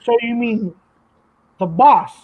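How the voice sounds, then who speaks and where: A man's voice: extremely high pitch, slow pace, a crowd in the background. Profane storytelling man, muffled sound. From Canada. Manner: profane, animated retelling with acted quotes. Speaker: podcast co-host. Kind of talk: casual chat, storytelling.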